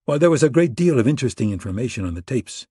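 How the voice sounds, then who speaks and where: A male narrator reads an audiobook in a measured, steady way, his voice husky and breathy. The recording is close and completely dry, with a middle-pitched tone. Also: dry recording.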